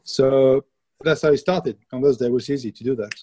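A man's voice: medium pitch, brisk, mellow, husky, poor audio. A middle-aged man from France with a French accent, a baker telling laughing, plainspoken stories as a guest in a casual interview.

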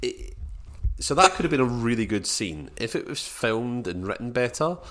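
A man's voice: medium pitch, very animated, moderate pace, a bit bright. A man co-hosting a casual film review podcast, rambling and retelling scenes in quoted voices. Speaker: podcast co-host.

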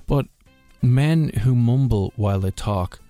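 A man's voice: medium pitch, measured pace, dark tone, no room sound, soft background music. A man hosting a radio show, chatting casually in a rambling, jokey way. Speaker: radio host.

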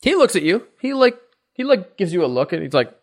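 A man running a tabletop game with a slightly raised pitch and a lively, swooping delivery. He paints scenes with drawn-out repetition and asks players for rolls. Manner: animated, dramatic repetition in narration. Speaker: game master.

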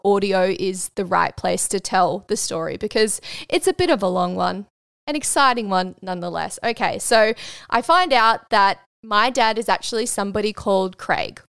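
A woman in her twenties with an Australian accent, hosting a podcast and telling a personal story in a frank, animated way, swearing freely. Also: medium pitch, smooth, no room sound, clean studio sound. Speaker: podcast host. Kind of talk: casual storytelling monologue.

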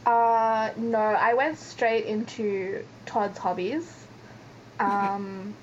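Speaking extremely slowly in a steady, slightly mellow, medium-pitched voice, this woman co-hosts a podcast, chatting loosely about a reality show and teasing herself along the way. The sound is dull and lo-fi with a bit of faint noise.

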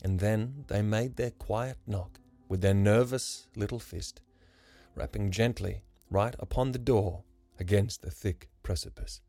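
A man reading a rhyming story aloud as a podcast storyteller, soft and measured. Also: fairly low pitch, dry recording. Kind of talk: scripted rhyming narration. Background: soft instrumental music.

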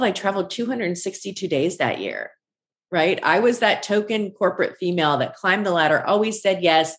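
A woman in her forties, a guest on an interview show, tells her story in a lively conversational way and acts out the lines she quotes. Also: mid-range voice. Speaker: guest, ice cream shop founder.

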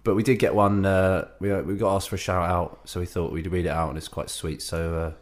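A man with a lowish voice co-hosting a casual comedy podcast. He chats eagerly and steers the show into its next segment. His tone is relaxed and conversational. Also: a little fast. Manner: eager, chatty, reads show announcements. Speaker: podcast co-host.

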